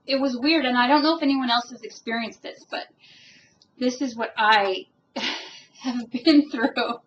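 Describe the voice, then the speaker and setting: A woman's voice: a little high, a little slow, lo-fi sound. A woman giving a casual personal monologue as a spiritual vlogger, earnest and rambling and emotionally moved. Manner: earnest and rambling, with many fillers.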